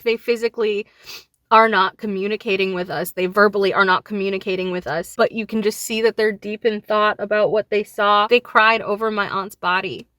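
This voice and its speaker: Bright-voiced woman fighting back tears. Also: mid-range voice, dry recording. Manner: grieving and enraged, voice rising and falling. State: on the verge of tears. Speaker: vlogger. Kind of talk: emotional direct-to-camera talk.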